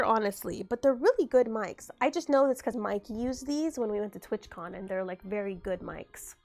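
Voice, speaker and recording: A woman's voice: fairly high pitch, expressive, normal speed, hardly any pauses. A young woman getting over a cold, chatting casually on a livestream and answering her chat.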